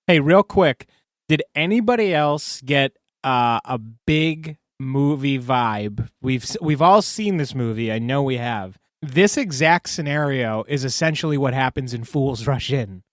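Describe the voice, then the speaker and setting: A man's voice: medium pitch, lively intonation, measured pace, no echo, studio quality. A man co-hosting a podcast who jumps in with chatty comparisons. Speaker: podcast co-host. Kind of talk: casual chat.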